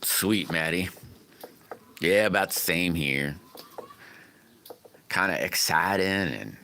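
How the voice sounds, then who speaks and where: Gravelly-voiced, very low man rambling. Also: slow pace, pushed and bright, a little hiss or hum. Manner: rambling, folksy, chatty with restarts. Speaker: livestream host. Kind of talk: casual live-stream chat, answering comments.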